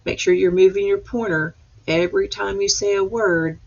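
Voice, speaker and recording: A woman teacher leading a reading lesson for young children, patient and reading slowly word by word. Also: on the low side, steady tone, gravelly, husky, muffled recording.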